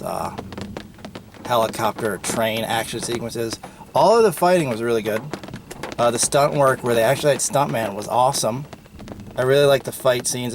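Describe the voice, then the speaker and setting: A man's voice: mid-range voice, background noise. A man hosting a podcast, giving a casual, opinionated movie review with frequent ums and uhs. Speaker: podcast host.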